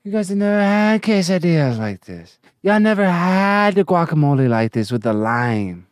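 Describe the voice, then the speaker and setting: A man hosting a comedy show, delivering a brash, swaggering rant that keeps slipping into sing-song chants and sudden shouts. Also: high-pitched, sing-song, moderate pace, clear, resonant tone, no echo, clean studio sound.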